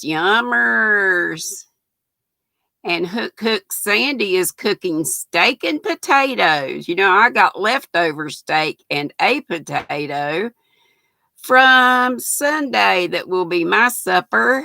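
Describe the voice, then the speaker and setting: A woman's voice: a little high, vocal fry, pushed and bright, dry recording. An older woman, hosting a casual livestream and greeting her viewers by name in a folksy way. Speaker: livestream host.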